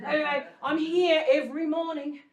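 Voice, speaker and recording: Middle-aged woman, stand-up comic, self-deprecating, slightly high voice, echoey room. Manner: chatty, self-deprecating, laughs often. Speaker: stand-up comedian. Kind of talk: stand-up monologue. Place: live stage venue. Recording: roomy, from a distance.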